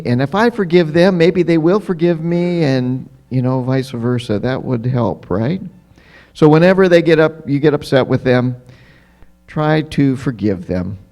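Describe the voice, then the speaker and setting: A pastor giving a children's story in a church. He is lively and keeps asking the children questions. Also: fairly high pitch, measured pace. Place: church sanctuary.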